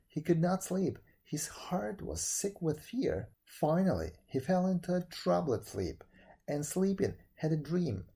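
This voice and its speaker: A man reading a folk tale aloud as narrator, with dramatic, expressive delivery. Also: high-pitched, measured pace, vocal fry, breathy edge.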